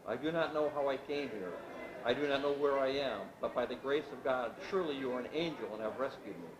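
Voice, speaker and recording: A man's voice: mid-range voice, brisk, a crowd in the background, close to an everyday voice. A man reading as a wounded young stranger. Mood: courteous. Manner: formal, courteous. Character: wounded young male stranger, polite, groggy. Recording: echoey room with background noise.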